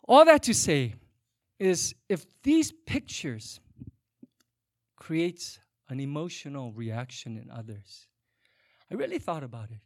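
A man preaching a sermon as pastor, telling a personal story with animated swings between loud and soft and a teasing humor. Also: on the high side, measured pace, no room sound, studio quality.

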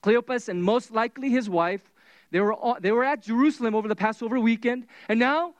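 A preacher giving a sermon, retelling scripture as animated storytelling with casual asides. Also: mid-range voice, brisk, no room sound.

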